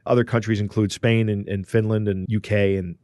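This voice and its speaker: A man co-hosting a podcast, explaining a story in a relaxed, conversational way. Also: on the low side, a little fast, clean tone, dry recording, clean studio sound. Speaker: podcast co-host. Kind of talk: casual podcast chat.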